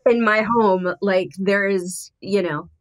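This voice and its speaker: Earnest woman, thoughtful and halting. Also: medium pitch, steady tone. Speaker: guest. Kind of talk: candid podcast conversation.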